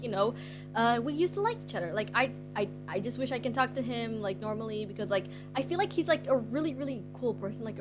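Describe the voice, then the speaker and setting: A young woman streamer casually telling a story to her chat, rambling with lots of "like" fillers, giggly and self-conscious. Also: on the high side. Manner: rambling, heavy use of "like" fillers. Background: guitar music.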